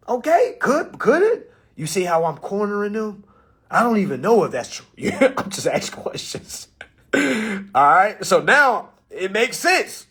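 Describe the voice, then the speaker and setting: A man giving a casual live-stream lecture, animated and full of rhetorical questions. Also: sits high, breathy edge. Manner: animated, rhetorical questions, acts out phone calls. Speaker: live-stream presenter teaching contract tactics.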